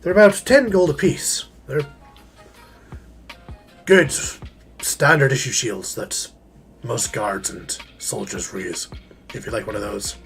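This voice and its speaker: Man doing a gruff goliath shopkeeper, low, quiet, stern. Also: takes it slowly, long pauses, faint music behind.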